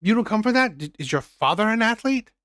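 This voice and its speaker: A blunt male reaction host who talks in emphatic bursts and keeps repeating himself. His pitch swings widely between points. The sound is close and dry, with no room in it. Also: sing-song, quick pace, a bit bright, dry recording. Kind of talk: reaction commentary.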